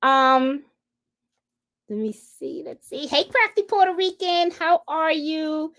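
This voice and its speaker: Lady hosting a live craft stream, high voice, chatty, saying hi to everyone in the chat. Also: very animated, slow pace, a bit bright. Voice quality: chatty, greets viewers one by one. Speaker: host of a live sewing and embroidery stream.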